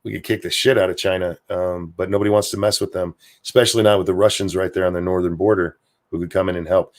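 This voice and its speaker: A man's voice: low voice, steady tone, fast talker. A man from the United States hosting a livestream, rambling casually and cursing freely as he reads out viewer comments. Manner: rambling, profane, offhand. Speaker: livestream host.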